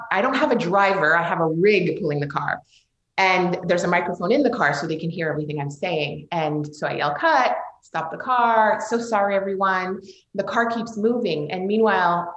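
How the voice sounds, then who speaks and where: A woman speaks as an interview guest, earnest and emotional, often pausing and restarting. Her voice sits a little low. It is recorded in a noticeably echoey room. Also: dull audio. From Canada. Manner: earnest, emotional storytelling with many fillers and restarts. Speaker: film director, interview guest. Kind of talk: interview conversation.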